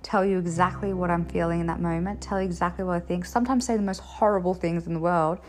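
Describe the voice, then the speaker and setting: A young adult woman talking frankly to camera in a casual confessional vlog, expressive and blunt, swearing freely and laughing between points. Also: fairly low pitch, fast, faint music behind. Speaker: vlogger sharing her experience.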